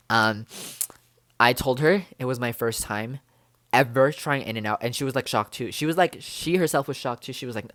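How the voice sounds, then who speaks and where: A man's voice: medium pitch, moderate pace, fairly bright tone, dry recording. Bubbly young man rambling in a dry room. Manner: bubbly, rambling, lots of fillers and exclamations. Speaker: vlogger. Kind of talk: casual chatty vlog.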